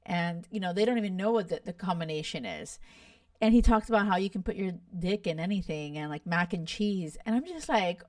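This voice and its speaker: A young woman hosting a podcast, chatting in an animated, gossipy and blunt way with lots of swearing. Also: on the low side, brisk, dry recording, studio quality, far from the mic. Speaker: podcast host. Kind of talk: casual chat reacting to a reality show.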